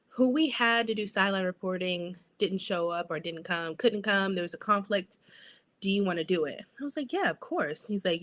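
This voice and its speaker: A young adult woman, a sideline reporter, telling her story as an interview guest in an animated, lively way. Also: medium pitch.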